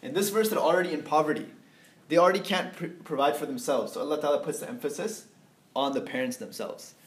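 A man teaching an Islamic lecture to a class, explaining step by step, mixing in Arabic phrases and checking that students follow. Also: on the high side. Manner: explains slowly, asks class if they understand; mixes in Arabic terms and phrases.

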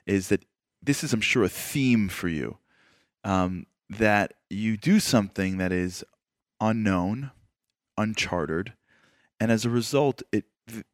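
A man interviewing a guest, his voice on the low side. He asks long, winding questions with animated energy. The sound is close and dry, with no room echo. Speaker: interviewer and radio show host. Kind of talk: conversational interview.

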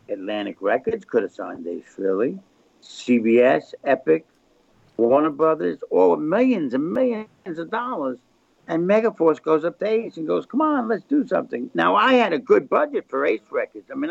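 A man's voice: fairly high pitch, no room sound. An older man, a record label founder, telling rambling anecdotes as a guest in a casual interview. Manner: rambling anecdotes, gravelly chatty delivery. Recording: slightly muffled dry recording.

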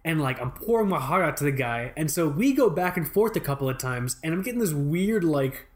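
A man's voice: a little high, expressive, a little fast. A man co-hosting a podcast, telling a rambling, profane story in mock fury in casual chat. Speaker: podcast co-host.

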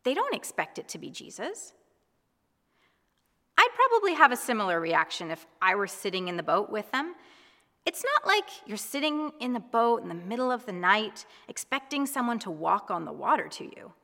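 Gentle woman preaching, echoing reverb. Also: on the high side, sing-song, moderate pace. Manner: gentle, reassuring, reflective. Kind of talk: devotional sermon.

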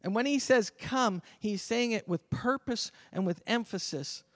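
A man preaching a sermon as pastor, swinging from loud emphatic calls to quiet conversational asides. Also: high voice, unhurried, no room sound. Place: church sanctuary.

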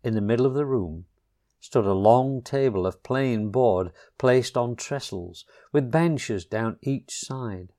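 A man reading a children's storybook chapter aloud, slow and expressive. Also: medium pitch.

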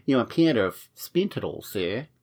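A patient bank agent on the phone answers every protest in a flat, polite tone, as a male storyteller plays him. He stays unbothered, ending each point with a courteous "sir". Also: lowish voice, moderate pace. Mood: dry.

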